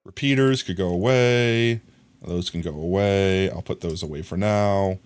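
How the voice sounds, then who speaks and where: A man's voice: low voice, unhurried, clear, resonant tone. A young man streaming live, chatting casually and jokily, muttering to himself as he plays and teasing his chat. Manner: rambling, jokey, mutters to himself while crafting; teases and scolds chat playfully. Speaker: livestreamer.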